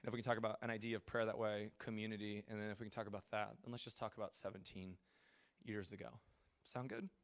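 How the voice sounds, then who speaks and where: A man's voice: fairly low pitch, level tone, fast talker, dry recording. A male pastor giving a casual, joking sermon and asking his audience questions. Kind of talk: conversational sermon.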